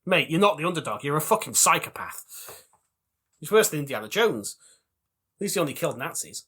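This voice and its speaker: A man's voice: a little high, sing-song, brisk, fairly bright tone, husky. A man co-hosting a crude comedy podcast, playful, swearing and laughing often. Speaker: podcast co-host.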